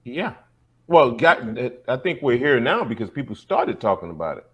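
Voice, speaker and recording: A man's voice: medium pitch, big pitch swings, normal speed, a bit bright, breathy edge. A man co-hosting a casual discussion podcast, laid-back, often agreeing and laughing along. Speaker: podcast co-host.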